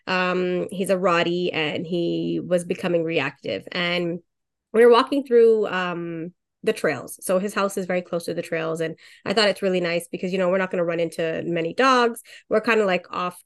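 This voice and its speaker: A woman's voice: fairly low pitch, moderate pace. A woman hosting a casual podcast as a dog trainer, telling stories in a chatty way with lots of fillers. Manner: chatty storytelling with many fillers and laughs.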